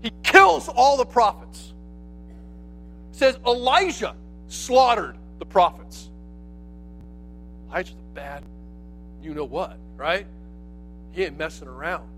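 A man giving a sermon as relaxed, lively storytelling, full of slang and conversational asides. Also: high-pitched, slow pace, long pauses, soft background music. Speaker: pastor.

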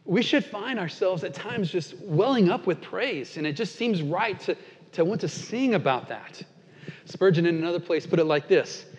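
A man pastor preaching a sermon, earnest and dynamic, slowing down for emphatic quotations and dropping soft and low at times. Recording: dull sound with long reverb in a large hall.

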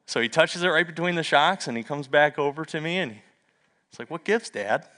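Brief: middle-aged man, pastor, bright and sharp tone, animated sermon storyteller. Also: fairly high pitch, normal speed. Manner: lively storytelling with asides and self-deprecating humor.

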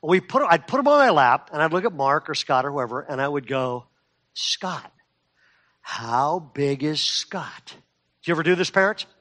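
Middle-aged male pastor, high voice, lively storytelling sermon that builds to fervent emphasis. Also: brisk. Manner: storytelling with acted quotes, rising to fervent emphasis.

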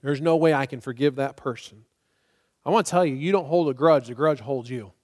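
A middle-aged male pastor preaching a sermon in a church, emphatic and swinging from loud to soft and prayerful. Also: medium pitch, a little fast. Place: church sanctuary.

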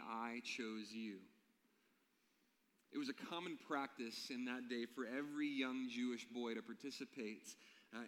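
Man, pastor, storytelling sermon, questions to the congregation, long hall reverb. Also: medium pitch.

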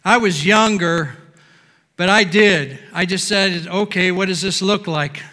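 A man preaching a sermon from a podium, emphatic, swinging between near-shouts and low, quiet lines. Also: measured pace, long reverb tail. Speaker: pastor. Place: church sanctuary.

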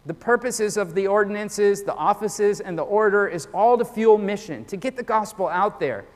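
Male pastor, higher-pitched voice, earnest sermon delivery with restarts, long reverb. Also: normal speed. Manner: earnest, repeats words when starting sentences.

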